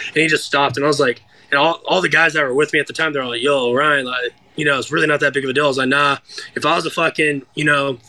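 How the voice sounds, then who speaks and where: Give me a bright-voiced young American man telling a story. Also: fairly high pitch. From United States. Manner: animated, profane, acts out quoted voices. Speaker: guest fighter. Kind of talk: casual interview storytelling.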